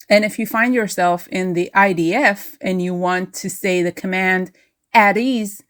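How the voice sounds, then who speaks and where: Slow, deliberate woman teaching Hebrew. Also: fairly low pitch. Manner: careful, deliberate enunciation of each word. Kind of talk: slow, clear language lesson. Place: outdoors in wind, then indoors in a workshop.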